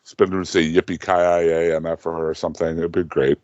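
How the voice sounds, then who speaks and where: A man's voice: sits low, level tone, fast talker, a little mellow, no echo, highs cut off. A man who is a guest on a casual podcast, laughing often and making jokey asides.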